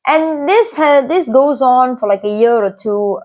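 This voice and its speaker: A young woman with a high voice recounts a personal story straight to camera. She sounds earnest and confiding, and keeps checking in with the listener by asking "right?". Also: animated, unhurried, a little mellow. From Malaysia. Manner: earnest and confiding, often tags lines with "right?". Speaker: vlogger.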